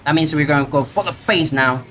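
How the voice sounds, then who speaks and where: A man streaming a video game live, reacting out loud and talking to the monster he fights. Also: fairly high pitch, fairly quick. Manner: excitable, talks to the monster. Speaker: gaming streamer. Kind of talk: live gameplay commentary.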